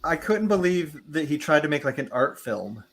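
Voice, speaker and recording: A man on a casual talk show who teases his co-hosts bluntly. His voice sits somewhat high. The recording carries a clear background hiss. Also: very animated, normal speed. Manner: blunt teasing. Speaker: podcast co-host. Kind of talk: casual chat. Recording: noisy hiss on the line.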